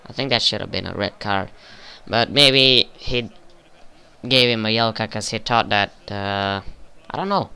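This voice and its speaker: A young man giving casual, profane commentary over a football video game he is playing, flaring up in frustration and excitement. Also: on the low side, a little slow, gravelly, clean tone. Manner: swears often, flares up with frustration and excitement. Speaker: gaming video creator.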